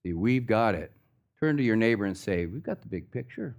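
Animated man preaching a casual sermon. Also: lowish voice, fairly quick, creaky. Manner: lively preaching, casual slang, acts out stories. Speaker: pastor.

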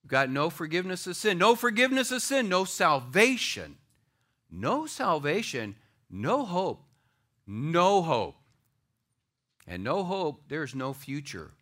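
A male pastor delivers a sermon to a live church audience with a raised, bright, ringing voice. His pitch leaps and falls expressively. He swings from loud declarations to hushed, near-whispered asides.

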